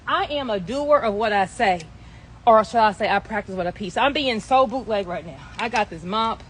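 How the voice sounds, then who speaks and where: A woman's voice: mid-range voice, animated, normal speed, a little hiss or hum. A woman giving casual, emphatic business advice on a live stream while out of breath, calling listeners baby and honey. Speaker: business coach. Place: outdoors in a front yard.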